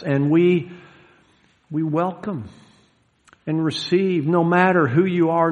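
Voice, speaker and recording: A man preaching a sermon as pastor, earnest, swinging between loud declarations and hushed words. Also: mid-range voice. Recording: hall reverb.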